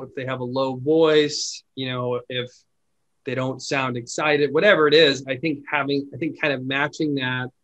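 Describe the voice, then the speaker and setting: A man's voice: mid-range voice, fairly bright tone, poor audio. Man explaining phone sales thoughtfully. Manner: thoughtful, explaining with frequent restarts. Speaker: call center owner, guest. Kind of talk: casual podcast chat.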